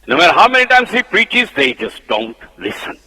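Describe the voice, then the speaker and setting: A man with a Punjabi accent preaching a sermon, emphatic, swinging between loud declarations and soft low asides. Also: sing-song, moderate pace, slightly rough. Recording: long hall reverb.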